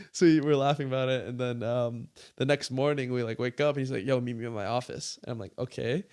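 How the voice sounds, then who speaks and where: A man telling a story in a casual interview, animated, full of "like", acting out what people said. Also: medium pitch, brisk. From California. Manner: animated, fills speech with "like", acts out quoted dialogue. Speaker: guest creator.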